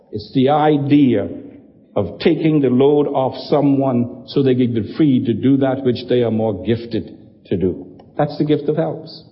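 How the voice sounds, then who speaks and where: A man's voice: a little high, in a large hall, dull audio. A male pastor preaching a sermon, emphatic, driving points home with repetition and rhetorical questions.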